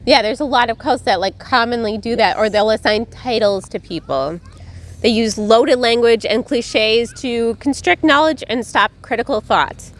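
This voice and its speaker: A woman's voice: on the high side, normal speed. A woman co-hosting a casual podcast chat, explaining things in a chatty way with frequent fillers. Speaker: podcast co-host. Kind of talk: casual chat about cults.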